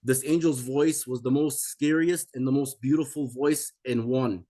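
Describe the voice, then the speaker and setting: A man in his forties tells a deeply personal story to an interviewer. He speaks with raw intensity, circling back on words and breaking off sentences to start again. His voice sits at an ordinary middle pitch for a man. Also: steady tone, moderate pace, warm tone. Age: 40s. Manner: intense, repetitive, restarts mid-sentence. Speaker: guest telling a near-death experience. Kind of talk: emotional personal testimony.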